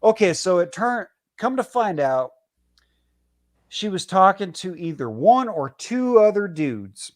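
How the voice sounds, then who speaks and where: Caller, male, fired-up and foul-mouthed, a bit high-pitched, over a voice call. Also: sing-song, slow pace. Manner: profane, heated storytelling. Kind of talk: casual call-in storytelling.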